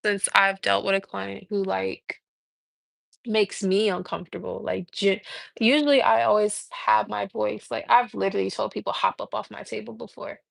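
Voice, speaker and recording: On a casual livestream, a massage therapist in her thirties tells a story in animated, exasperated talk full of swearing. Her mid-range voice is creaky and moves at normal speed, and the recording is dry.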